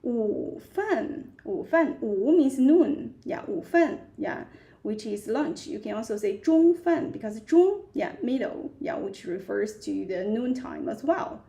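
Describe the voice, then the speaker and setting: A woman teaches a live beginner language class online, patiently repeating each word. Her voice sits a little high, with a gravelly fry running through it. She talks at a slow, deliberate pace. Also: expressive, warm tone. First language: Chinese. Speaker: Chinese teacher.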